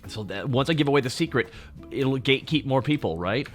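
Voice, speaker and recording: A man in his thirties with a naturally deep voice, chatting casually and teasingly with his stream audience, close to the mic. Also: lively intonation, a little fast, soft background music. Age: 30s. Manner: joking, teasing, talks straight to chat. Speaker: VTuber streamer. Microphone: close to the microphone.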